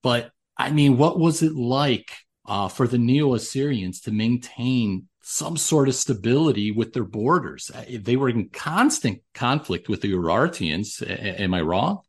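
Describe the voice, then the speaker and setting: A man's voice: mid-range voice, animated, measured pace, few pauses, breathy edge. A man hosting an interview, talking casually and rambling with frequent restarts. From raised in a Greek household. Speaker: podcast host.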